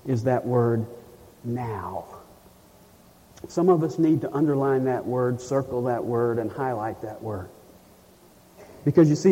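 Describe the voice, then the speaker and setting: A man preaching a sermon, emphatic, slowing down to read scripture. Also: mid-range voice, warm tone. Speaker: pastor. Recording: dull, lo-fi sound with long reverb in a hall.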